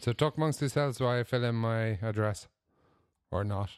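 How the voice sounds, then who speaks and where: A man's voice: mid-range voice, moderate pace, a little mellow, smooth, dry recording, studio quality. A man co-hosting a podcast in casual chat, easygoing with stammering restarts. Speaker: podcast co-host.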